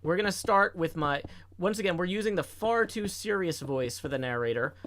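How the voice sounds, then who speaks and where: A man streaming a game and chatting casually, rambling with playful deadpan jokes. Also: high-pitched, brisk, slight background noise. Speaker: streamer and co-host. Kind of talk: casual chat while gaming.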